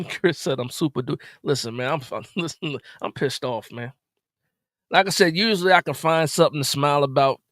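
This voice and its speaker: A man hosting a live stream, ranting in an exasperated way after a game, repeating himself and jumping suddenly louder. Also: a little high, normal speed, no room sound, studio quality. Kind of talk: animated post-game rant.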